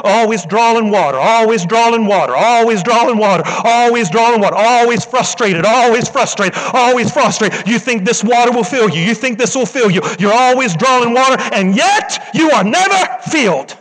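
A man's voice: very high-pitched, expressive, moderate pace, hardly any pauses, fairly bright tone. A man preaching a sermon with passion, driving points home through rhythmic repetition and calling out to the congregation. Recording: long reverb in a large hall.

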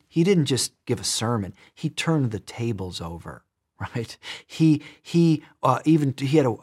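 A man preaching a sermon in an emphatic way, repeating words and shifting between loud and soft. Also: mid-range voice.

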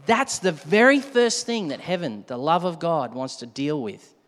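A man preaching a sermon, animated, at times shouting to act out a scare and dropping to a hush. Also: fairly high pitch, normal speed. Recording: long hall reverb.

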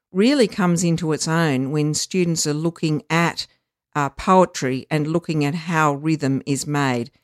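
Educator, mid pitch, unhurried teacherly explainer, close dry mic, occasional ums. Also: dry recording. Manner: measured, teacherly, frequent ums and uhs. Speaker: literacy educator. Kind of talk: explanatory podcast chat.

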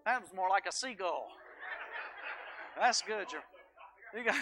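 High bright Southern preacher. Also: male voice, animated, unhurried, long pauses, faint music behind. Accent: Southern American. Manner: swings from hushed storytelling to shouted preaching; calls on congregation members by name. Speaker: pastor. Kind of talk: sermon. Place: church sanctuary.

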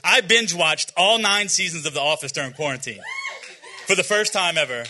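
A man in his forties gives an informal, earnest sermon to young people, full of fillers and restarts plus some self-deprecating humor. His voice is fairly high and sharp, with lively intonation and a fairly quick pace.

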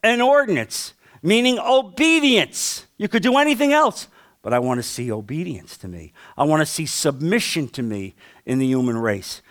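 A male pastor preaching a sermon with passion, asking the congregation questions and swinging from loud to hushed. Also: fairly high pitch, very animated, moderate pace.

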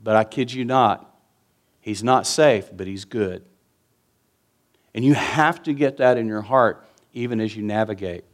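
A man's voice: fairly low pitch, unhurried, long pauses. A man, preaching a sermon in an earnest, conversational way with emphatic repetition. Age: 50s. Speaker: pastor.

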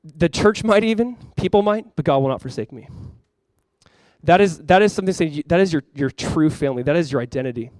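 A man's voice: a little high, lively intonation, fairly quick, darkish tone, dry recording. Earnest young man preaching, dry sound. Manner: earnest, conversational, with frequent fillers. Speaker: pastor. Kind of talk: sermon.

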